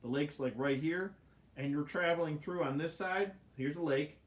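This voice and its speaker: A man hosting a casual livestream, telling stories in an animated way with laughs and swearing. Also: fairly high pitch, normal speed, slight background noise. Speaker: livestream host. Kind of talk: casual storytelling chat.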